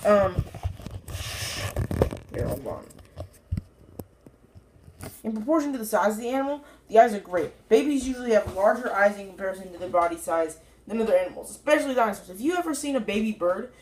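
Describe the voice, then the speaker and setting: A woman casually reviewing a toy to camera in a playful, rambling way, joking with the viewers and even talking to the toy. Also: mid-range voice, a little fast, pauses often, a little hiss or hum.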